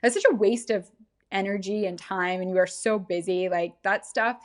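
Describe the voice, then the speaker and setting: Casting: female podcast co-host, mid-pitched, emphatic and sympathetic. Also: fairly even intonation, moderate pace. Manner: emphatic, sympathetic, builds points with repetition. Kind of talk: casual chat.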